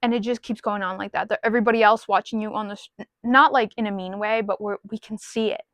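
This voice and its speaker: Talking to camera from her car, a woman vlogger speaks quickly in a mid-range, slightly bright voice with fairly even intonation. Using a small mic plugged into her phone, she rambles frankly with small self-deprecating asides. There's no echo.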